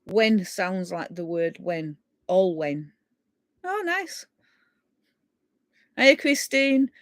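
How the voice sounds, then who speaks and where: A woman's voice: mid-range voice, big pitch swings, slow pace, a bit bright, no room sound. A middle-aged woman with a Yorkshire accent, rambling and laughing in a casual chat with viewers as she hosts a live stream. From England. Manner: rambling and chatty, laughing as she reads out comments.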